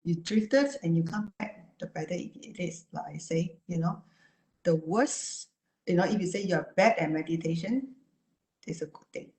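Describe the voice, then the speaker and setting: A woman with a fairly low voice speaks as a therapist in an online talk. She coaches calmly and repeats herself, checking in with "right?" and "you know". The sound is roomy and echoey. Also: normal speed.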